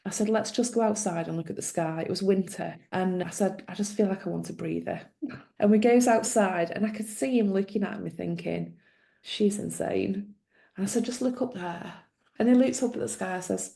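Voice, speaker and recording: Middle-aged woman, gravelly, mellow tone, lively storyteller doing quoted voices. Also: mid-range voice. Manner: animated storyteller, acts out quoted dialogue. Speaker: guest, former social worker. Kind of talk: storytelling in a conversation.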